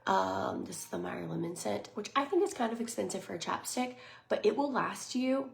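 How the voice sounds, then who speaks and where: A woman in her thirties talks in a casual vlog, bubbly and rambling, full of fillers, and sometimes dips into soft whispers. Her voice has a touch of vocal fry. The room is echoey, with a faint hiss behind her. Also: medium pitch, expressive, normal speed. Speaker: lifestyle vlogger.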